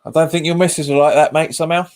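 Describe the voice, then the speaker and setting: A man's voice: a little high, flat delivery, racing. Chatty man hosting a watch-along. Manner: chatty, repeats phrases, reads viewer comments aloud. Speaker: fan channel host. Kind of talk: live match watch-along chat.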